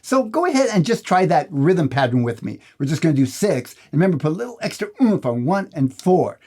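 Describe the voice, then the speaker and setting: Guy teaching guitar, voice a bit high, counting out beats, guitar strums behind. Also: sing-song, fairly quick. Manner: friendly, counts beats aloud. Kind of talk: guitar lesson.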